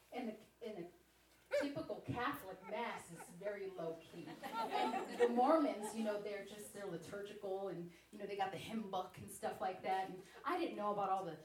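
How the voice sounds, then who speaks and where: A woman giving a sermon-style personal testimony, telling her story in a lively way with chatty asides to the audience. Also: mid-range voice. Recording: echoey hall, mic at a distance.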